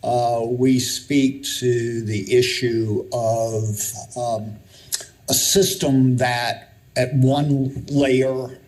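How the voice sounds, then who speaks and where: A man presenting a report at a public meeting, speaking deliberately and haltingly with many fillers. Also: medium pitch, fairly even intonation, darkish tone, low-quality recording. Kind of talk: formal meeting discussion.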